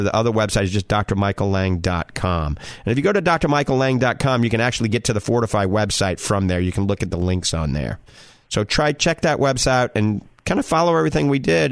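A man's voice: medium pitch, no room sound, clean studio sound. A man in his sixties with a New Orleans Cajun accent, hosting a call-in health show and giving advice in an emphatic, instructive way. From Louisiana. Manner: emphatic, instructive, repeats "all right?" and "okay?".

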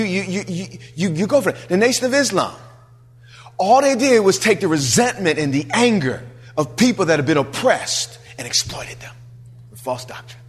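A male pastor preaching an emphatic sermon, swinging from loud emphasis to hushed asides. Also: a little high, husky, in a large hall.

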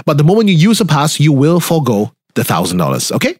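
Male radio host, high animated voice, dry close sound, upbeat game-show banter. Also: fast talker, slightly rough, no room sound. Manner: upbeat, quizzing and joking.

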